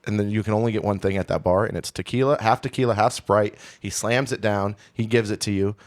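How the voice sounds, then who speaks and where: A man's voice: fairly low pitch, steady tone, quick pace. A man from Houston, a podcast co-host, telling a candid, rambling, self-deprecating story in casual chat. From Houston, Texas.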